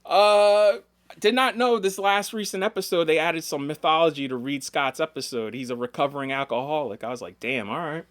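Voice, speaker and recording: A man's voice: a little high, a little fast, no echo. A man co-hosting a casual podcast chat, telling stories with lots of swearing and acting out the people he quotes. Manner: animated storytelling, acts out quoted people, swears freely. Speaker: podcast co-host.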